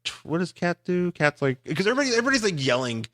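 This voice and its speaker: A man's voice: high-pitched, big pitch swings, very fast, a bit bright. A man co-hosting a podcast, chatting casually about a comic and often restarting his sentences as he jokes. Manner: rambling, restarts phrases, joking. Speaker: podcast co-host.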